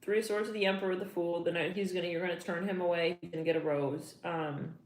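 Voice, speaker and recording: A woman's voice: fairly low pitch, fairly even intonation, quick pace. A woman giving a casual tarot reading, chatty and slangy, getting emotional as she talks. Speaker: tarot reader. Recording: echoey room, faint noise.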